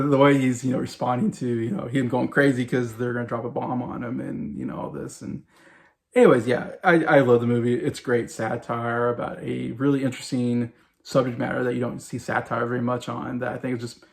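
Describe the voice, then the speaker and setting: A man in his forties talks about a favorite film in a loose, unscripted way. He sounds eager and gushing, and he keeps circling back with plenty of "you know" and "uh" as he goes. His pitch sits in an ordinary middle range. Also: level tone, brisk, gravelly. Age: 40s. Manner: enthusiastic, rambling, many fillers. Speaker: movie review vlogger. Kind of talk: casual film review monologue.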